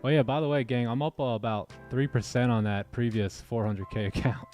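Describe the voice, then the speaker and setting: A man's voice: mid-range voice, fairly quick, a little mellow. A man hosting a live trading stream, chatting casually and joking in slang while reading his charts. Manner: laid-back, joking with co-hosts, slangy. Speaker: trading livestream host. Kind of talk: casual livestream chat and chart commentary. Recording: faint music behind.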